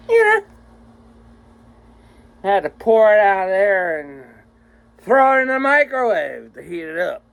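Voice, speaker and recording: This high-pitched man fills his vlog with a meandering, fed-up tirade, cursing nonstop in a crude way. The recording is rough.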